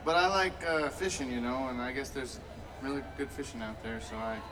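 A man's voice: mid-range voice, a little fast, very noisy. A man, a singer, chatting loosely and jokingly with a live crowd between songs. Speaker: singer and bandleader. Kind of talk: casual stage banter with a live crowd. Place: concert stage. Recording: live concert audio from far off with loud band.

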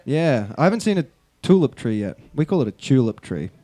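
A man's voice: on the high side, big pitch swings, quick pace, dark tone. A man with an Australian accent bantering between songs on a festival stage, laid-back and joking, laughing often. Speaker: band member.

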